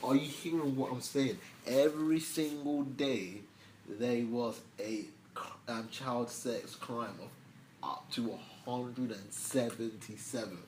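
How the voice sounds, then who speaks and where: A young man hosts a news vlog, offering casual news commentary in a slangy, chatty style with offhand asides. His mid-range voice is darkish, slow, and fairly even in intonation, recorded in an echoey room with faint background noise.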